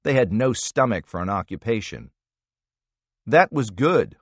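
A man reading a thriller audiobook in measured, expressive narration. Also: lowish voice, dry recording.

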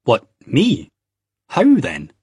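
A man voicing a proud, touchy young man with a Scottish accent, earnest and quick to take offence. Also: deep voice, lively intonation, breathy edge, dry recording, clean studio sound, exaggerated voice.

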